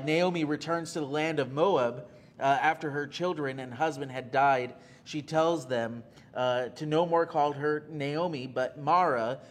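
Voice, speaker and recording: A man preaching from the pulpit in a fairly high voice. He speaks earnestly and circles back to repeat his key phrases, with frequent "uh" fillers as he works through the scripture. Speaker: pastor. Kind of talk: sermon.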